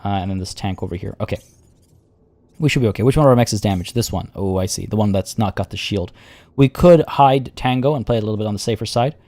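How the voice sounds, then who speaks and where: A man's voice: lowish voice, fast, dark tone, dry recording. A man giving live commentary on a strategy game, thinking aloud and chatting with his viewers while losing his voice. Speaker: game streamer.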